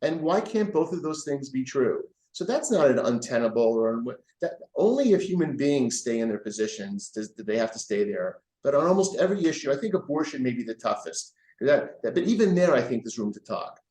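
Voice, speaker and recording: A man, a rabbi, answering interview questions earnestly and growing animated as he tells stories. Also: mid-range voice, brisk, hardly any pauses. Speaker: rabbi guest. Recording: roomy echo.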